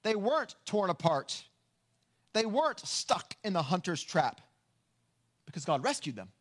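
A man preaching a sermon, earnest and emphatic, slowing down to stress key lines. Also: high voice, sing-song. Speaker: pastor.

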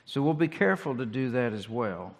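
A pastor giving a sermon, talking in a conversational, reflective way with rhetorical questions. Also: male voice, medium pitch, expressive, a little fast. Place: church sanctuary. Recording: long hall reverb.

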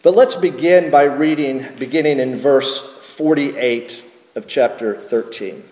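A man preaching a sermon, teaching at a measured pace and asking rhetorical questions of the congregation. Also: mid-range voice, a little mellow, roomy sound, in a large hall. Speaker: pastor.

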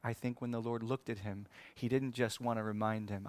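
A man's voice: lowish voice, little pitch movement, fairly quick, no echo. Earnest male preacher, dry sound. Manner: earnest, swings from emphatic to hushed. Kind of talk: sermon.

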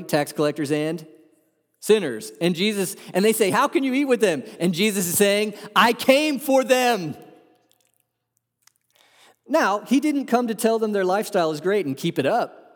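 A man preaching a sermon as a pastor, earnest and emphatic, asking the room rhetorical questions. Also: sits high. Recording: long hall reverb.

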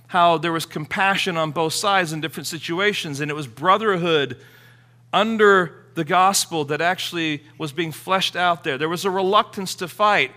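A man's voice: on the high side, sharp tone. A man preaching a sermon in an earnest, conversational way, often restarting his phrases. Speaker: pastor.

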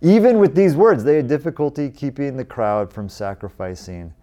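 With lively intonation and a mellow, medium-pitched voice, an American pastor in his forties preaches at normal speed. He stays conversational, then rises with emphasis when quoting scripture.

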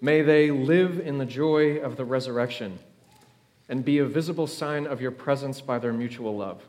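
A male pastor leading his congregation in a solemn, measured prayer in a church. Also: mid-range voice, darkish tone. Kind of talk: sermon and prayer. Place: church sanctuary.

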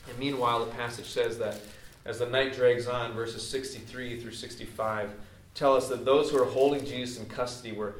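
A pastor preaching a sermon in a conversational, explaining way, with casual asides to the congregation. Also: male voice, medium pitch, fairly even intonation, normal speed, a little hiss or hum. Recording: echoey hall, distant mic.

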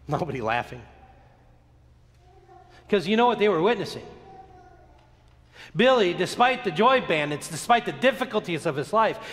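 A man delivers a sermon with a lively, sweeping pitch, leaning into slow emphatic pauses as he tells a story. His voice sits a little high for a man. It rings with a long reverb, as if he is in a large church. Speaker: pastor.

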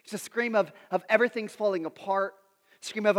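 A man's voice: high-pitched, lively intonation, fast, in a large hall. A man in his thirties preaching a sermon, telling self-deprecating stories and putting questions to his audience. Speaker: pastor.

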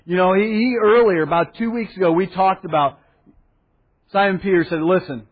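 A pastor with a high, slightly husky voice preaches in an animated, storytelling way, acting out the people he quotes. He drops to a hushed, solemn tone for the gravest points. The sound is dull and carries a long hall reverb. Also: normal speed. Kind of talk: sermon.

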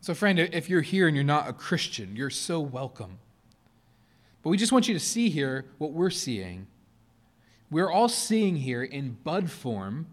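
Earnest male pastor preaching a sermon. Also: mid-range voice. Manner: earnest, rising to emphatic stresses then dropping soft. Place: church sanctuary.

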